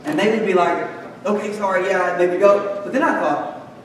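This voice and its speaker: A high-voiced male pastor delivers a sermon a little fast, chatty and wry, joking before he hammers his points home in sudden, punchy lists. The mic is far away, so his voice rings through a large, echoing hall with a long reverb tail and faint hiss underneath.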